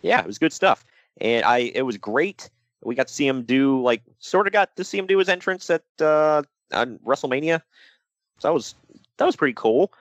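A man co-hosting a casual podcast chat, animated and jokey, slipping into mock voices. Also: mid-range voice, moderate pace, no room sound. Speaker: podcast co-host.

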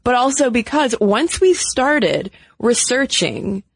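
A woman's voice: a little high, very animated, takes it slowly, breathy edge, no echo. A woman co-hosting a podcast in a chatty, playful way, talking casually and laughing easily. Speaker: podcast co-host. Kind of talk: casual chat.

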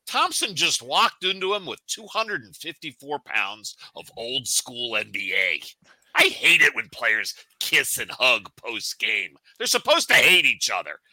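A man co-hosting a sports podcast, chatting casually with animated, jokey ranting. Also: mid-range voice, unhurried, no room sound, low-quality recording. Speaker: podcast co-host.

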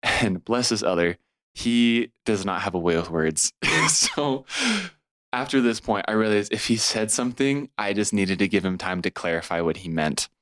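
A man's voice: fairly low pitch, normal speed, fairly bright tone, dry recording. A man in his twenties from California, a podcast guest telling a personal story in conversation. He tells it with energy and acts out what other people said. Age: 20s.

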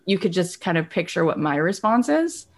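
A woman with a fairly low voice hosts a podcast conversation. She tells personal stories in an open, emotional way, her speech full of casual fillers. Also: very animated, normal speed. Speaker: podcast host.

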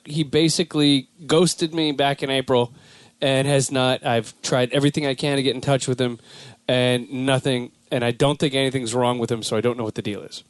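A man's voice: on the high side, no room sound. A young man from Southern California hosting a casual comedy podcast, rambling and slipping into silly impressions. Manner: rambling, animated, slips into silly put-on voices. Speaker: podcast host.

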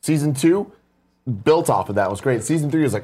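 A man's voice: on the high side, lively intonation, brisk, mellow, husky. A man co-hosting a casual morning show, talking bluntly and with strong opinions, swearing casually. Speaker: co-host. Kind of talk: casual chat.

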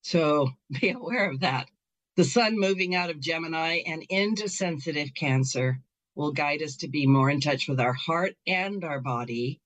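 A woman's voice: low voice, animated, moderate pace. A middle-aged woman hosting a talk show and Reiki practice, chatting in an upbeat way with frequent laughs and fillers. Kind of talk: casual chat.

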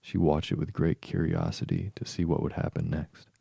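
A man narrating a storybook audiobook in a steady, measured reading. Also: deep voice, vocal fry, breathy edge, no room sound.

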